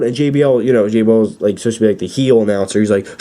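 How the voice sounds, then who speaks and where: A young man giving an excited, rambling fan recap with many fillers and restarts. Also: medium pitch, quick pace. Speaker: wrestling fan vlogger.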